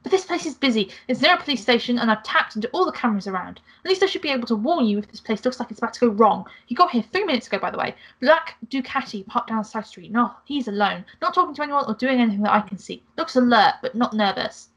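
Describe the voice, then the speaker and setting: A woman reading a text game aloud, voicing a brisk female hacker who gives quick, clipped briefings. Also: on the high side, expressive, a bit bright, husky, heavily acted. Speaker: guest reader.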